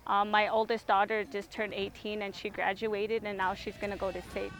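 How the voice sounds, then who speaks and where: A woman's voice: medium pitch, little pitch movement, moderate pace, fairly bright tone. A woman in her forties from the Siksika Nation, a supervisor, plainly explaining tribal traditions in an interview. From Siksika Nation, Alberta.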